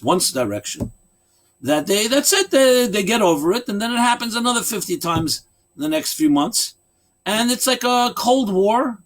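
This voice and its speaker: A man giving a lecture, telling a story in an animated, expressive way. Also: slightly rough. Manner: animated, expressive storytelling with big pitch swings. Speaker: speaker.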